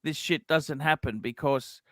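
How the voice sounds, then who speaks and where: A man's voice: a little high, unhurried, fairly bright tone, a little hiss or hum. A man hosting a casual livestream, reading out donations and rambling with many restarts. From Australia. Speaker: livestream host.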